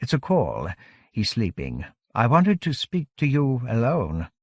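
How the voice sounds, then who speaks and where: A man voicing a breathy, unseen captor. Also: mid-range voice, unhurried, no room sound, studio quality, full character voice. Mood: polite, menacing. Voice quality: breathy, insubstantial as wind. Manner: courteous, calm and menacing. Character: unseen breathy captor, soft-spoken and polite.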